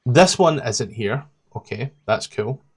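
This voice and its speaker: A man's voice: mid-range voice, slow pace, breathy edge. A man with a Scottish accent running a tabletop game, rambling casually as he looks things up. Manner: relaxed, rambling, flipping through notes aloud. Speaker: game master.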